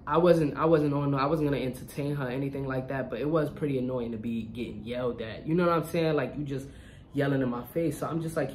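Animated, slangy young storyteller. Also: medium pitch, brisk, slight background noise. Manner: animated, slangy, keeps checking in with listeners. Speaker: vlogger. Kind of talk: casual storytime.

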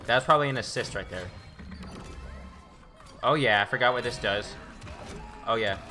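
A man giving excitable, boastful live commentary while playing a video game as a gaming YouTuber. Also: mid-range voice, normal speed, soft background music.

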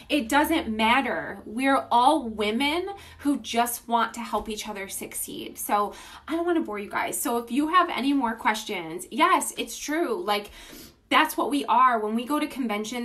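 A woman's voice: fairly high pitch, expressive, moderate pace, a bit bright. Gushing woman on a phone livestream. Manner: gushing, enthusiastic and informal, reads out viewer names. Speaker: beauty business livestream host. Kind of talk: casual livestream pitch to viewers.

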